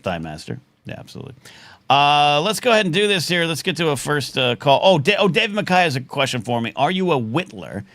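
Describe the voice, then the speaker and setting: A man's voice: fairly high pitch, sing-song, brisk, a bit bright, dry recording. Male talk host in his forties, self-deprecating rambler, dry booth sound. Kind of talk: casual live talk show banter.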